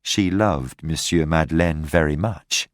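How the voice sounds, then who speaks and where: A man narrating a simple graded reader story in a clear, careful way. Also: rumbling low, no room sound, clean studio sound. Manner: slow, clear, carefully paced reading.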